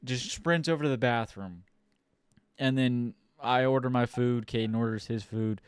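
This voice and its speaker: Young man telling a rowdy story, crisp and dry. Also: mid-range voice, normal speed, dry recording. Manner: animated, profane storyteller who acts out quotes loudly. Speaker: podcast co-host. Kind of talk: casual storytelling chat.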